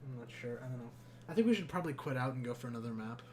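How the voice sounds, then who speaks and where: A man's voice: mid-range voice, animated, racing, a little hiss or hum. A man streaming a video game, chatting casually, joking and swearing freely. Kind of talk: casual chat while gaming. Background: game music.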